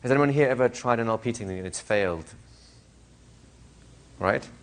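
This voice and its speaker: A man's voice: mid-range voice, fairly quick. Man teaching a live class. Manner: animated, asks the room questions, acts out little scenes. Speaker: hypnosis trainer. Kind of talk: classroom lecture to a live group.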